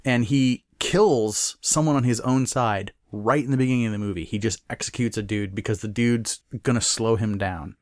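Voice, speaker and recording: A man's voice: fairly low pitch, moderate pace, hardly any pauses, darkish tone, dry recording, clean studio sound. Rambling man reviewing a film. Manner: rambling, restarts and retells plot. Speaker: podcast co-host. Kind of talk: casual movie review chat.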